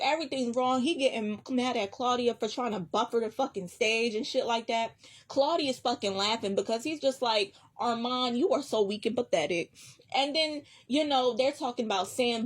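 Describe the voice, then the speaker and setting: Profane, animated woman vlogger. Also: on the high side. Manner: blunt, heavily profane, animated retelling. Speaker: reaction vlogger. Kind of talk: casual live reaction recap.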